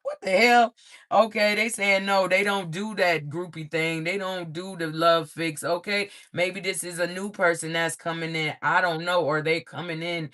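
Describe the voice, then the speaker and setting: Profane, lively man reading tarot cards. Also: high-pitched, normal speed. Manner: profane, frequent "okay?" check-ins; animated, laughs often. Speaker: tarot reader.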